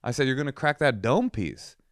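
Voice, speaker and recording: A comedy podcast co-host speaks fairly quickly in a mid-range voice, telling a story amid casual chat. His storytelling is animated, and he acts out quotes at high volume.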